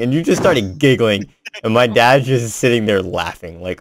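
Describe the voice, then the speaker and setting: A man's voice: on the low side, normal speed, faint music behind. A young man chatting with a friend while gaming, telling stories animatedly and laughing often. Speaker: gaming streamer. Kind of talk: casual chat while gaming.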